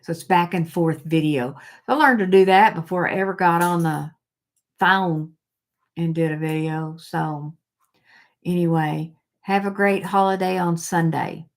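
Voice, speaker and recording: Slow-talking chatty woman host. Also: fairly low pitch. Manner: chatty, rambling, reads comments aloud. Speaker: livestream host reading viewer comments. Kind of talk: casual live chat.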